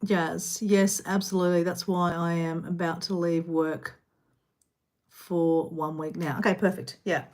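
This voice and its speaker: A woman's voice: fairly low pitch, little pitch movement, measured pace, darkish tone. A woman hosting a casual live stream, rambling and chatting while eating snacks indoors. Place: indoor room.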